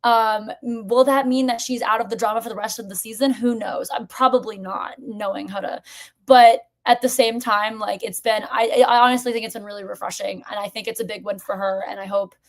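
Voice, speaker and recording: A woman's voice: fairly high pitch, steady tone, fairly quick. A woman co-hosting a live fan podcast, chatting casually in an emphatic, gossipy way. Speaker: podcast co-host. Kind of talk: casual recap chat.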